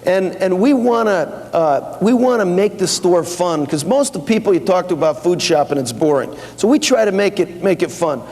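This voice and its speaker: A man's voice: high voice, lively intonation, moderate pace, few pauses, darkish tone. A man speaking at a company seminar, telling anecdotes and quoting back-and-forth dialogue in a casual way. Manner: conversational, with fillers and restarts. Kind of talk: anecdotal business talk. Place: seminar hall with audience. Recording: long hall reverb.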